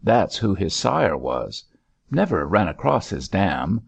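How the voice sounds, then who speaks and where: A man voicing a gruff, dryly humorous older sea captain who drawls wry remarks, with a creaky, husky voice. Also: sits low, very animated, slow, dull audio, exaggerated voice. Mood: reminiscing.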